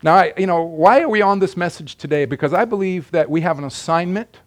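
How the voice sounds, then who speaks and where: A man preaching a sermon. He moves from loud, emphatic declarations to quiet asides. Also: sits high, a little fast. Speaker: pastor.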